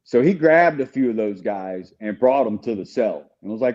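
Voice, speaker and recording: Male guest with a mellow, dark tone, earnest and candid, recorded on dull lo-fi audio. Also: mid-range voice, measured pace. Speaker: guest telling his story. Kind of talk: casual conversation.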